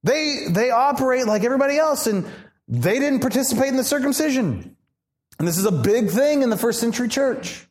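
A man pastor preaching a sermon in an animated, conversational way, asking the congregation questions. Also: very high voice. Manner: animated, conversational, acts out quoted voices.

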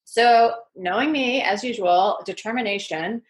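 Appearing as an interview guest, a woman with a New York accent shares her story in a casual, wandering, chatty and energetic style, at medium pitch and a little slow.

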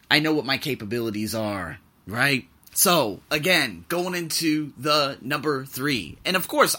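A man's voice: a little high, pushed and bright. A man who teaches English talks frankly in a rambling vlog monologue, exasperated and swearing freely.

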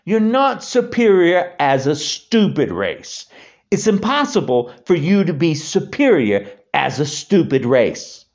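A man's voice: on the high side, very animated, slow pace. A man in his sixties giving an angry, insulting rant, repeating himself. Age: 60s. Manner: furious, insulting, repetitive. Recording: dull lo-fi recording.

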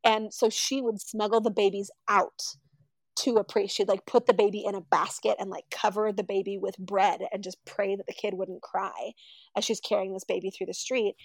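A woman's voice: medium pitch, normal speed, no echo, low-quality recording. A woman telling a story casually, acting out the people she quotes. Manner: animated, acts out quoted voices.

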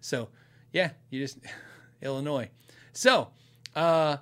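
On the high side and very animated, a bit bright, his voice moves at a measured pace with frequent pauses. The middle-aged Arizonan guitar channel and podcast host rambles through viewer questions in casual chat, often laughing and restarting sentences.

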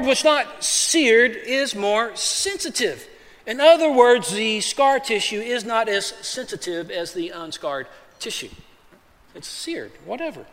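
A man with a high, light voice preaches a sermon in a casual, conversational style, calling his listeners "man" and slipping into quick acted voices. His voice rings out in a big church hall with a long reverb tail. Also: pushed and bright. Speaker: pastor.

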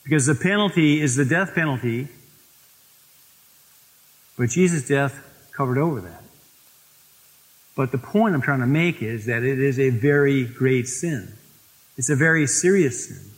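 A man preaching a sermon, telling stories and slowing down to stress scripture. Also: medium pitch, expressive. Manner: storytelling, slows for emphasis on scripture. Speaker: pastor. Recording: long reverb of a church hall.

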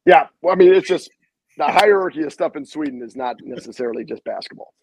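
Husky-voiced man telling animated stories. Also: a little high, fast talker, low-quality recording. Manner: animated storyteller, acts out quotes, salty language. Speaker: head basketball coach, guest. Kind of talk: casual storytelling interview.

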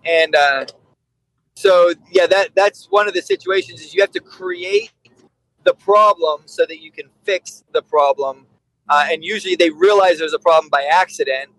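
A man who trains dogs, talking over a remote call in a lively, emphatic way and acting out what people say. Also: a little high, normal speed, no echo, rough recording. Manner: animated, acts out quoted voices and swears for emphasis. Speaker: dog trainer. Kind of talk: casual conversation.

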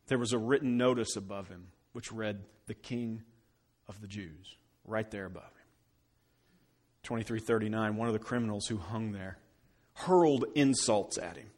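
A man preaching a Good Friday sermon in a conversational, expressive way, dropping to quiet moments for emphasis. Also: on the low side, normal speed. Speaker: pastor.

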